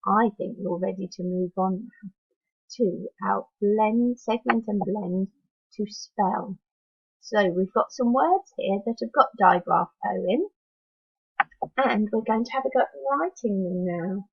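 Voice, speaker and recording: A woman teacher leading a phonics lesson for young children, slowly sounding out letters one at a time and encouraging them to join in. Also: mid-range voice, gravelly, husky, dry recording, highs cut off. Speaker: primary school teacher.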